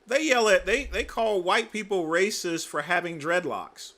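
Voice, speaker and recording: A man's voice: sits high, normal speed, bright, forceful tone. A man hosting a livestream, giving sarcastic commentary on clips with a mocking, exaggerated delivery. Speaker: livestream host.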